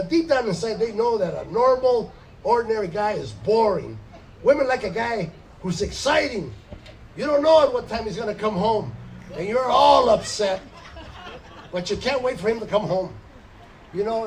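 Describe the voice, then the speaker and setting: Older man with a high voice doing stand-up on a stage mic, mixing in Spanish voices. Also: distant mic, a little hiss or hum, rough recording. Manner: storytelling, slipping into Spanish and acted voices. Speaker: stand-up comedian. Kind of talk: stand-up comedy set. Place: live theater stage before an audience.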